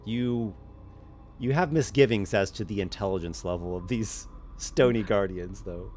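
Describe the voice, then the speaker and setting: A man running a tabletop game as game master, narrating in a halting way with restarts and soft laughs. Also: fairly low pitch, a little hiss or hum.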